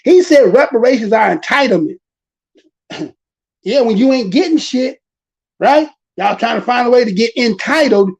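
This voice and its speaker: A woman's voice: on the high side, normal speed, pauses often, slightly rough, low-quality recording. An American woman holds forth in a loose, profane commentary rant, stretching and repeating words to drive her point home. Her voice sits a little above the usual range for a woman. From United States. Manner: animated, profane, repeats and drawls key words. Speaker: commentary channel host. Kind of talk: casual ranting commentary.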